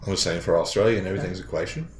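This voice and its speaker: A man who plays in a tabletop game, chatting casually in a relaxed, joking way that often trails off. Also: low voice, racing, crowd noise. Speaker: player. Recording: echoey room with faint ambience.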